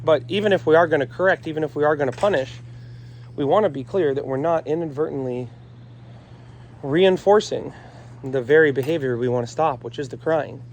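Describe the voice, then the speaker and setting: A man's voice: a little high, brisk, a little mellow, a little hiss or hum. A man working as a dog trainer, talking casually to camera outdoors in the morning, earnest and addressing viewers directly as folks while rattling off lists.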